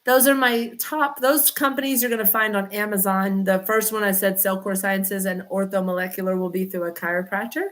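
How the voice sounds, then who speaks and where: A woman's voice: mid-range voice, level tone, brisk, few pauses. A woman, a chiropractor chatting casually on a livestream, rambling and greeting viewers by name. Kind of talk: casual livestream chat reading comments.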